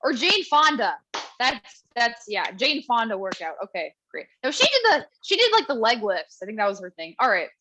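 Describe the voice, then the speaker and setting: Bright-voiced young woman doing stand-up. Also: fairly high pitch, sing-song, a little hiss or hum, poor audio. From Canada. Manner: chatty, quick asides, ironic. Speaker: stand-up comedian. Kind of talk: stand-up set over video call.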